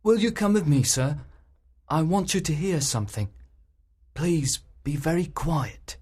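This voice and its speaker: A man's voice: a little high, animated, unhurried, darkish tone, husky, no room sound, clean studio sound, voice pushed up. A man voicing a frightened, loyal male servant who speaks anxiously and politely, calling the lawyer sir. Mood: hushed.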